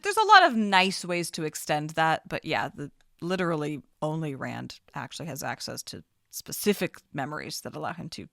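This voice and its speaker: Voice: mid-range voice, creaky, pushed and bright, dry recording, clean studio sound. A podcast co-host chatting casually about a book, adding wry, joking asides.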